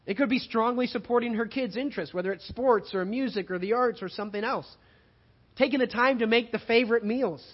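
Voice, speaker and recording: High-voiced male pastor preaching. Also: brisk, husky, lo-fi sound. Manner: preaching with swings between loud emphatic passages and quiet hushed ones. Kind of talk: sermon.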